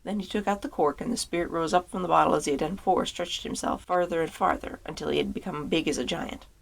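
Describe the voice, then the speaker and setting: A woman, an author, reading a fairy tale aloud in a calm, even storytelling manner. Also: sits low, quick pace, vocal fry.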